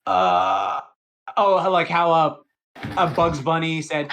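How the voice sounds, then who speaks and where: A man co-hosting a casual podcast, his voice sitting a little high. He is laid-back and loose, swears freely and laughs easily. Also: sing-song, slow, fairly bright tone, a little hiss or hum. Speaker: podcast co-host. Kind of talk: casual chat.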